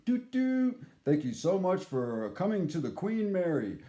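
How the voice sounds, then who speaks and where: A man telling a story in a casual monologue, animated and profane, acting out the voices he quotes. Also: on the high side, moderate pace, reverberant.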